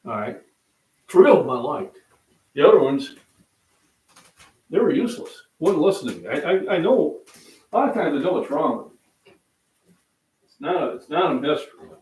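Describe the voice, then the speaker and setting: With big pitch swings, long pauses and a darkish tone, an older man speaks at a normal speed in a slightly high voice. He hosts a fitness channel and rambles folksily to viewers, cooking in his home kitchen during a casual live stream. The audio is roomy, with his voice off-mic.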